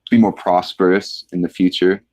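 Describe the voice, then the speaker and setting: A man narrating as game master of a tabletop game, halting and full of fillers and restarts as he describes the scene. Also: sits low, level tone, darkish tone, dry recording, low-quality recording.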